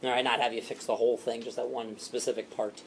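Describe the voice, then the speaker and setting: A man training a sales team, animated and repetitive, acting out what to say to customers. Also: medium pitch, gravelly, slightly rough. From Italian heritage. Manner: animated, fast and repetitive, acts out customer lines.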